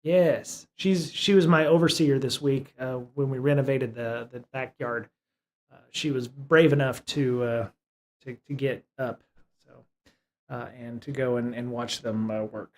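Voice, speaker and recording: A man's voice: fairly even intonation, a little slow. Man chatting casually on a live stream. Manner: rambling, many fillers and restarts; high-pitched baby talk to his cat. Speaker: streamer and host.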